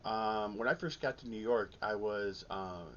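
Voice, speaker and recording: A middle-aged man from the American Midwest, chatting casually and rambling with many ums and restarts in a vinyl collecting vlog. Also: a little slow. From Milwaukee, Midwest US. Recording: dull lo-fi sound with faint rumble.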